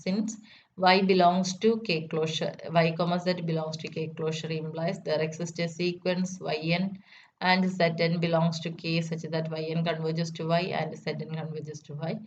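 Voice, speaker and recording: A woman's voice: deep voice, little pitch movement, moderate pace. A woman lecturer working through a mathematics proof step by step, often repeating key statements. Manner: methodical, repeats key steps. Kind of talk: math lecture. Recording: dull lo-fi recording with faint noise.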